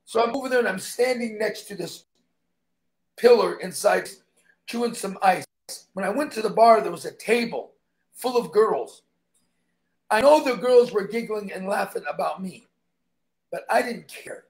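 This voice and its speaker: A man's voice: high voice, expressive, normal speed, long pauses. A man who is a stuntman, guesting on an interview and telling emphatic stories in which he acts out the dialogue.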